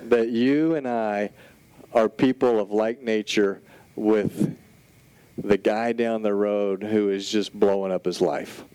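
A man preaching a sermon in an animated, conversational storytelling style, full of casual asides. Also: fairly low pitch, slow pace, clear, resonant tone, no echo, poor audio. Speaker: pastor.

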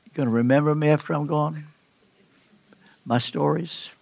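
An older man preaching a sermon, telling stories with emphatic swings in pitch. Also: steady tone, moderate pace, gravelly, darkish tone, no echo. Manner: storytelling, emphatic with sudden pitch leaps.

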